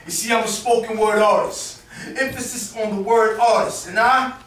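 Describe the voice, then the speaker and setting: A man's voice: high-pitched, fairly even intonation, moderate pace, a bit bright, slight background noise. A man from Boston performing rhythmic, rhyming spoken word poetry at an open mic, with dramatic emphasis. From Boston, USA. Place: performance venue with audience. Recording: echoey room, mic from far off.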